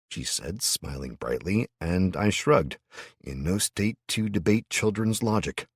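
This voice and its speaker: Deep, husky audiobook narrator. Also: male voice, animated, measured pace, no room sound, studio quality. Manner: gruff, muttering delivery. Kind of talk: first-person audiobook narration.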